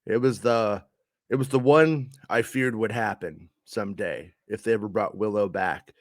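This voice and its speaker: A man's voice: fairly low pitch, moderate pace, no echo. Man, casual review, frustrated rant, frequent swearing, dry room. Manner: frustrated, ranting, swears often. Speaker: show reviewer.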